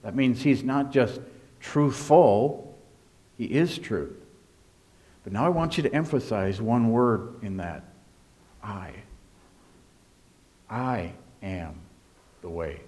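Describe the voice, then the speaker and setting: A man preaching a sermon as pastor, emphatic, swinging between hushed and raised delivery. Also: mid-range voice, expressive, slow pace, pauses often.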